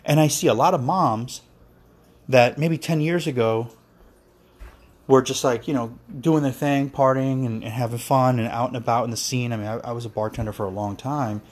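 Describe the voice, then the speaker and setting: A man's voice: medium pitch, fairly even intonation, normal speed. A man on a podcast giving a heated, profane monologue, ranting with passion. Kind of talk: impassioned monologue.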